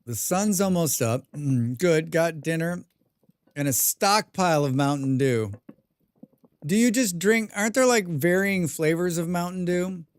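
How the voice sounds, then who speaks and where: A man on a live game stream, chatting loosely with his viewers and reading their messages aloud. His voice sits a little high for a man, and the sound is close and dead, with no room around it. Between remarks he hums and mumbles to himself. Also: animated, measured pace, clear, resonant tone, dry recording. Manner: reads viewer chat aloud and answers with dry, rambling jokes. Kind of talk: casual live-stream chat while playing a survival game.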